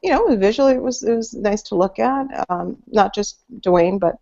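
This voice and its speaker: A woman's voice: mid-range voice, normal speed, creaky, mellow. Woman chatting about movies, lots of ums and restarts, muffled audio over a video call. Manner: rambling, many fillers and restarts. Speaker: podcast co-host. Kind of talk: casual movie chat. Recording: dull lo-fi audio.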